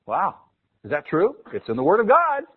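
Male pastor preaching, higher-pitched voice, call-and-response questions, heard over a thin phone-like recording. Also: wildly swooping pitch, normal speed, breathy edge. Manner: asks the congregation questions and repeats key words for emphasis. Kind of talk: sermon. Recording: phone-like narrow sound.

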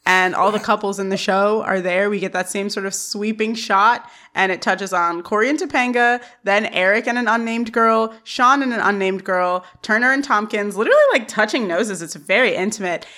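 A woman's voice: medium pitch, pushed and bright. A woman co-hosting a podcast, chatty and giggly as she recaps scenes. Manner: chatty and giggly, quick to laugh. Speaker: podcast co-host.

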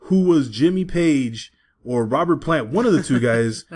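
A man's voice: medium pitch, unhurried. A young man co-hosting a podcast, telling stories in a casual, slangy way and laughing often. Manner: animated storytelling, laughs a lot, says "dog". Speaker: podcast co-host. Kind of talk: casual chat.

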